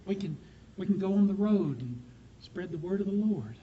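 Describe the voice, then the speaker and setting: A man's voice: sits high, expressive, moderate pace, narrow, tinny audio, slight background noise. An actor playing an earnest man, folksy and reassuring, ready to spread the word. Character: earnest Southern preacher-type husband. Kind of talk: live stage comedy acting.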